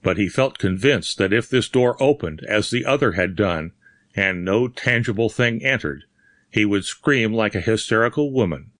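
A man narrating a horror story in a measured, dramatic reading. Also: fairly low pitch, expressive, a bit bright, no echo, clean studio sound. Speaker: audiobook narrator. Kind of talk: scripted narration.

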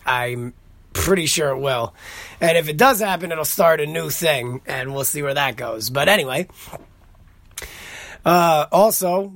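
A man's voice: a little high, creaky. A man hosting a podcast, talking casually and profanely, getting heated as he tells a story. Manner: profane, animated storytelling, heated when retelling. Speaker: podcast host. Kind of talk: casual solo podcast rant.

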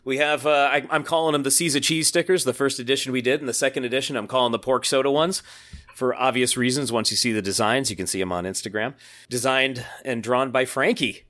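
A man's voice: medium pitch, fast, a bit bright. Upbeat man hosting a podcast. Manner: upbeat, jokey, reads listener mail aloud. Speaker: podcast host. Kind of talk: casual podcast chat.

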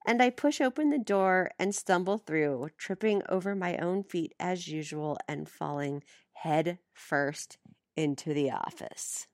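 A woman's voice: fairly low pitch, a little slow, dry recording, clean studio sound. A woman reading a first-person novel aloud as an audiobook, giving the dialogue light voicing. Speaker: audiobook reader.

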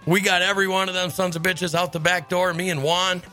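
A man hosting a radio show, telling stories in a lively casual chat and laughing often. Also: high voice, fairly quick, faint music behind. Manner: animated storyteller, laughs often. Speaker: radio host.

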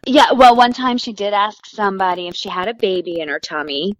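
A woman in her thirties, a comedian guest, telling lively anecdotes about her toddler and acting out the child's lines. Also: mid-range voice, a little fast, slight background noise, rough recording. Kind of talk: storytelling chat.

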